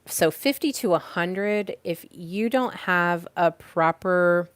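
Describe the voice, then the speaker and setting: Low-voiced woman teaching casually. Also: takes it slowly, no room sound. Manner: chatty, restarts and fillers, explains with examples. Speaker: podcast host teaching on teamwork. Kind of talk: casual teaching talk to a live audience. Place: indoors at home by a fireplace.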